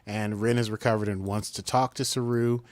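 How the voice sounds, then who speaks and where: Chatty man recapping, low dry voice. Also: steady tone, fairly quick, no room sound. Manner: chatty, recaps plot and mimics characters. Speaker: podcast co-host. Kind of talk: casual recap chat.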